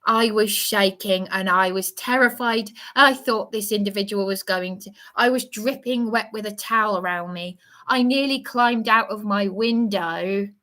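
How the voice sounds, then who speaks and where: Agitated middle-aged woman from England on a livestream, slow and rambling with many restarts. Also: medium pitch, pushed and bright. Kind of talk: emotional livestream monologue.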